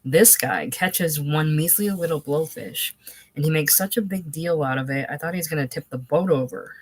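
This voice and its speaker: A woman reading aloud voicing a loud, rambling middle-aged man telling fishing stories. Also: sits low, normal speed. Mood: boisterous. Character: boisterous middle-aged male fishing buddy.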